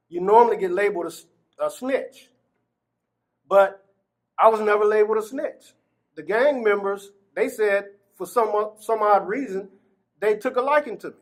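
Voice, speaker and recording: A man with a notably high voice for his sex recounts his own story in an interview. He is from Gary, Indiana. He acts out the dialogue he quotes and often laughs between phrases. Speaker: exoneree telling his story. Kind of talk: personal testimony in an interview.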